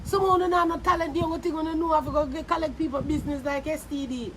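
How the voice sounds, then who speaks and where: High-voiced Jamaican woman ranting. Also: steady tone, quick pace, noisy background. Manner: heated, cursing, mocking. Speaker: vlogger. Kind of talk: angry insult rant to camera.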